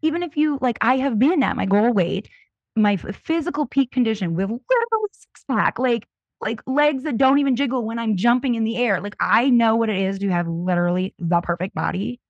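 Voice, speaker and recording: A woman's voice: a little high, animated, brisk, dry recording, dull audio. A woman in her thirties, a podcast guest, telling her own story in an open, earnest way. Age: 30s. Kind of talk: candid personal testimony.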